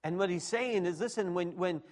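Middle-aged male pastor, high voice, emphatic sermon delivery with sudden loud peaks. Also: moderate pace. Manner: emphatic, swings from quiet asides to shouting.

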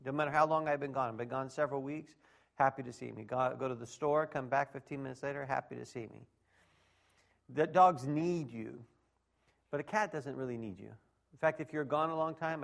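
A man's voice: mid-range voice, vocal fry. A man preaching a sermon as pastor, talking in a folksy, conversational way and asking the congregation rhetorical questions.

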